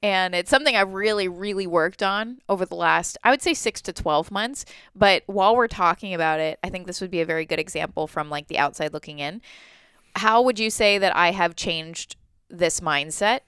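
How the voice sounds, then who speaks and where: A woman co-hosting a casual podcast, speaking calmly in a very smooth, clear voice set a little low. The recording is close and dry. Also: normal speed, no room sound. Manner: calm, backs up her co-host with short agreements.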